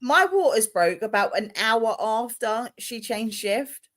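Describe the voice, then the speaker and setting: A woman with a bright, sharp-edged voice, pitched a touch high. She tells stories in a casual chat, blunt and animated, swearing heavily as she goes. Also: slow.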